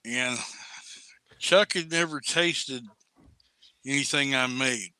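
A man, a guest distiller, telling stories in a casual, blunt, salty way that turns animated when he retells events. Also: medium pitch, slow pace, clear, resonant tone, dry recording. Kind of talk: casual storytelling.

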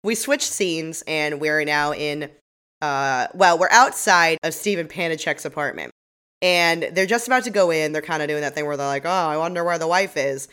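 A woman's voice: low voice, expressive, moderate pace, a bit bright, clean tone. A woman co-hosting a podcast, recapping a TV episode in casual chat, often laughing and acting out characters' lines. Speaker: podcast co-host.

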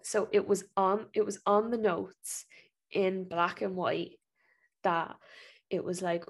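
A woman's voice: medium pitch, steady tone, slow pace, husky. Blunt, profane Irish woman telling a story. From Ireland. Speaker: podcast co-host, nurse. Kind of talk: casual chat. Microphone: remote call recording.

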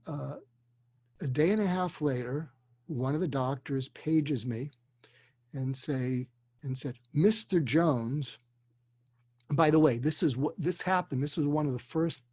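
An older man, a psychiatrist, telling a story earnestly and deliberately, dropping to a hush for emotional moments. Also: a little high, husky, dry recording. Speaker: guest, psychiatrist. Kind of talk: storytelling in a conversation. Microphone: video call.

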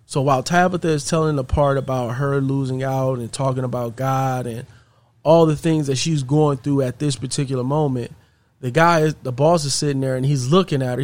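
A man hosting a podcast, reflecting on a faith story in an earnest, preaching way. His voice is mid-pitched and sounds dry and close, with no room echo. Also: fairly even intonation, a little fast, darkish tone. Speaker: podcast host.

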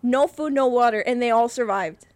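A woman's voice: a little high, moderate pace, darkish tone, no room sound. Rambling young-sounding woman telling a story. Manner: rambling, filler-heavy storytelling. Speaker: podcast co-host. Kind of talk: casual chat, storytelling.

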